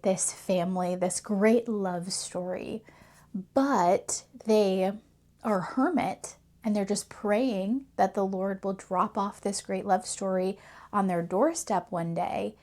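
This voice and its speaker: A woman host giving an earnest, reflective talk about faith and telling a parable. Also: mid-range voice. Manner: earnest and reflective, with occasional laughs. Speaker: faith coach and channel host. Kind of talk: faith teaching talk with storytelling.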